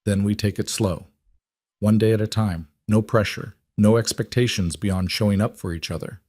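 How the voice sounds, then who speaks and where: A man playing a steady, earnest wealthy man in his forties. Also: lowish voice, normal speed, dry recording, studio quality, natural voice.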